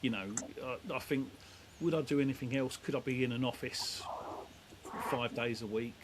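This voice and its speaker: A man's voice: medium pitch, normal speed, noisy background. A middle-aged man, a demolition company head, telling stories in a rambling, down-to-earth way. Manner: rambling, down-to-earth, lots of fillers. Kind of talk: casual storytelling chat.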